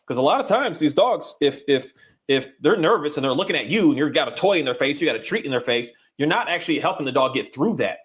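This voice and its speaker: Rambling, fairly high-voiced man. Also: animated, fast talker. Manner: rambling, with many restarts and acted-out dog voices. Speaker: dog trainer. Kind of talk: casual conversation.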